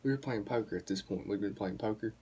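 A man's voice: lowish voice, quick pace, mellow, a little hiss or hum. A young man, telling a rambling, profane story to the camera in a casual vlog. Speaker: vlogger.

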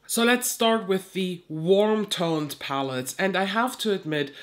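A woman's voice: mid-range voice, a little slow. A woman with a cold and a blocked, nasal voice, chatting casually as she reviews products in a beauty vlog and often restarts her phrases. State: stuffy nose from a cold. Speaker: beauty YouTuber.

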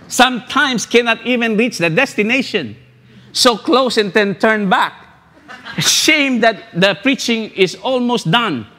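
A man with a high-pitched voice preaches a sermon, driving home his points with repeated phrases and rhetorical questions. He often stumbles and restarts before going on. His voice carries a long reverb, as in a church sanctuary. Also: pushed and bright. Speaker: pastor.

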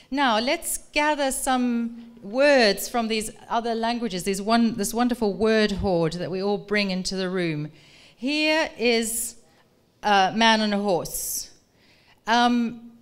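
A woman's voice: fairly high pitch, smooth. A middle-aged woman professor giving a public talk in a museum room, reading aloud and then polling the audience with questions in an engaging, articulate way.

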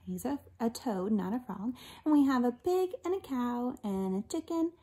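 A woman reading a picture book aloud to children, expressive and animated, asking the listeners questions and sometimes dropping to a whisper. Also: on the high side, moderate pace.

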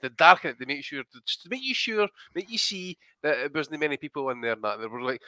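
Fast, sweary Englishman ranting. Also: a little high, sing-song, bright, forceful tone, dry recording. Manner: rambling, sweary, mocking. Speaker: podcast co-host. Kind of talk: casual podcast rant.

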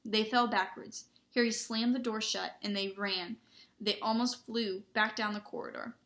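A woman reads a children's novel aloud. Her voice sits at a medium pitch and her reading is expressive and dramatic. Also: moderate pace. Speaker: audiobook reader. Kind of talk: storybook read-aloud narration.

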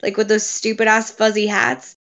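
A woman's voice: mid-range voice, flat delivery, normal speed, vocal fry, fairly bright tone. A woman playing a vain, catty young woman who makes crude jokes. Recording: dull lo-fi sound.

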